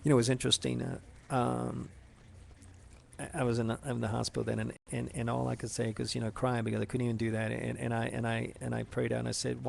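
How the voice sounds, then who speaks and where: A man telling a personal story in a rambling, halting way, full of restarts and fillers, speaking to someone he addresses directly. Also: medium pitch, level tone, creaky, a little hiss or hum.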